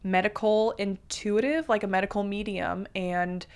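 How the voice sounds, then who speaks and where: Woman in her twenties, interview guest, casual storytelling, animated, lots of "like", mid-pitched voice. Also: normal speed, clear, resonant tone. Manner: animated, heavy use of "like", acts out quotes.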